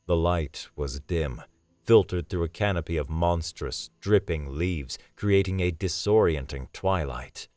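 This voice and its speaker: A man with a deep, low voice reads a scripted sci-fi story. His delivery is steady and dramatic. The sound is dry and close. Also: unhurried, no echo. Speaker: narrator.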